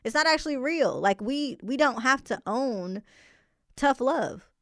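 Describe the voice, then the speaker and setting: A woman hosting a casual interview, speaking reflectively with frequent pauses and ums. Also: high voice, animated, a bit bright, dry recording, studio quality. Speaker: podcast host.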